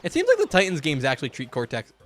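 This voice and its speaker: A man's voice: on the high side, huge pitch swings, fast, soft background music. A man giving casual, rambling commentary while streaming a game, joking and swearing freely, in a hot room at home.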